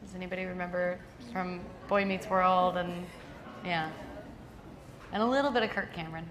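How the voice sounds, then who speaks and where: A woman's voice: fairly low pitch, steady tone, moderate pace, crowd noise. A young actress in her twenties answering audience questions casually, rambling and self-deprecating with lots of "like". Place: auditorium with live audience. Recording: echoey hall with reverb and clear noise.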